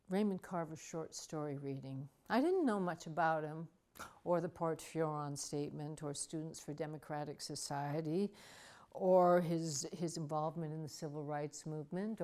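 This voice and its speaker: An older woman telling a personal story in a wry, dramatic way, soft music behind her. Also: deep voice. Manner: wry, dramatic, with acted asides.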